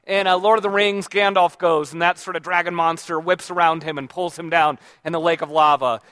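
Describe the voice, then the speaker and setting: A man giving an informal talk to a live audience, speaking conversationally with plenty of fillers and restarts, and pausing to ask the audience questions. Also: fairly high pitch, fairly even intonation, fairly bright tone, no echo. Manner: checks in with the audience by asking questions. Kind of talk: informal lecture.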